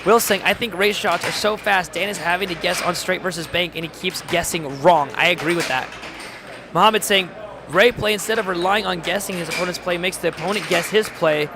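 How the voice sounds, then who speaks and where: A man doing live-stream sports commentary, calling plays in quick bursts and reading chat aloud with jokes. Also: sits high, music in the background. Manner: rapid play-calling, reads chat aloud, jokey. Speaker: play-by-play commentator. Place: home studio.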